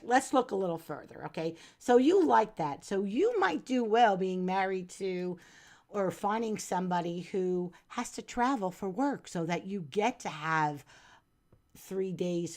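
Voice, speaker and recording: Chatty woman with a low voice. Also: a little mellow. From New Jersey. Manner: chatty, folksy, calls the viewer hon and doll. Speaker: astrologer reading a viewer's chart on a live stream. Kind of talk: casual live-stream reading.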